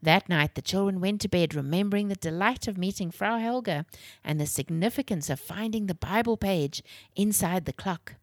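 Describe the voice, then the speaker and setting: A woman reading a children's story aloud in a clear, expressive way. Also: medium pitch, normal speed, dry recording, clean studio sound.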